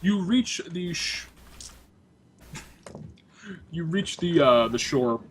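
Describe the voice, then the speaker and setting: A man's voice: fairly high pitch, expressive, a bit bright, a little hiss or hum. A man running a tabletop role-playing game as game master, narrating with many restarts and fillers. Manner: halting, filler-heavy narration.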